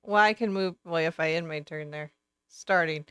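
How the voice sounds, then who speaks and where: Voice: mid-range voice, normal speed, pushed and bright, clean tone, no echo. A player in a tabletop game who talks bluntly, swears often and sounds playfully annoyed. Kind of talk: casual tabletop play.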